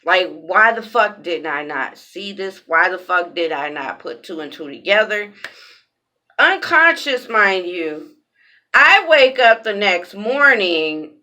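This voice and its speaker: A woman's voice: medium pitch, pushed and bright. A woman telling a personal story in a casual vlog, cursing bluntly, repeating phrases for emphasis, raw and emphatic.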